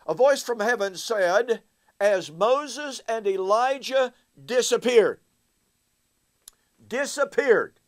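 A man teaches scripture in a high, measured voice. He takes his time and presses each point with emphasis. He keeps checking in with rhetorical questions. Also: animated. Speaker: Bible teacher. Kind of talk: recorded Bible teaching.

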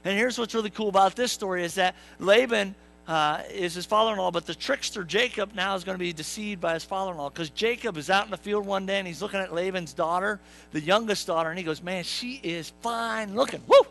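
A young adult pastor preaches a humorous sermon in a church sanctuary, acting out characters and quizzing the congregation like a jokey storyteller. He talks fast in a high, gravelly, slightly bright voice, and the audio is poor.

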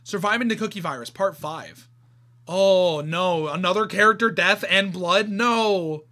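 High-voiced man reacting to a story. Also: a little slow, bright, forceful tone. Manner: shocked exclamations and asides. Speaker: YouTuber reading a fan story. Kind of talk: story reading with live reactions.

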